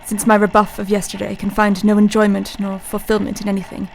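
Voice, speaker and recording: A woman's voice: mid-range voice, monotone, vocal fry, a little hiss or hum, natural voice, poor audio. A woman playing a brooding young male doctor. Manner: measured, introspective journal reading. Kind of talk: radio play acting.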